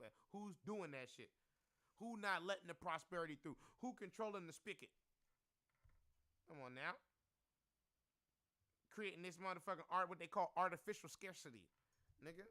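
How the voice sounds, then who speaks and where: A man's voice: fairly high pitch, fairly quick, long pauses, sharp tone. A man giving rambling, profane, slang-heavy commentary as a stock market live-streamer.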